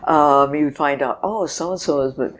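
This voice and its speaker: A woman's voice: low voice, measured pace, slight background noise. An older woman, a guest on an interview show, telling stories in a chatty way and laughing as she goes. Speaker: guest, festival organizer. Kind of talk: casual interview storytelling.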